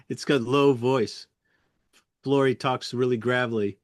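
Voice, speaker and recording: A middle-aged man, a puppeteer guest, reminiscing in an interview with a friendly, chuckling manner and many pauses. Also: mid-range voice, steady tone, dry recording, studio quality. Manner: friendly, chuckling, halting with fillers.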